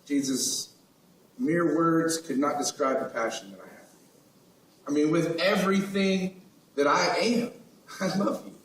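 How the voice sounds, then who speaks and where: An actor playing the disciple Peter as an eager, excited fisherman in a church stage skit, often shouting and laughing. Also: extremely high pitch, a little hiss or hum, full character voice. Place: church sanctuary. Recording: echoey hall from far off.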